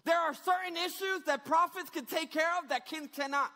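A male preacher delivering a sermon, retelling scripture in casual slang and rising to shouted emphasis. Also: very high-pitched, fairly even intonation, normal speed, creaky. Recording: reverberant hall.

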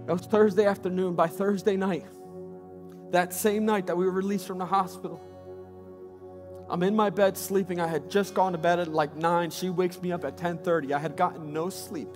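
A man's voice: sits high, steady tone, moderate pace, over music. A man preaching a sermon as a pastor, building passionate, repetitive cadences.

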